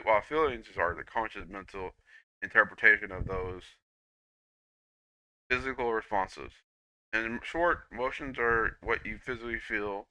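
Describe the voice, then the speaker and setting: A young man rambling through a personal monologue, halting with frequent restarts and repeats, swearing freely, on a dull lo-fi recording. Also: lowish voice, sharp tone, clean tone, dry recording.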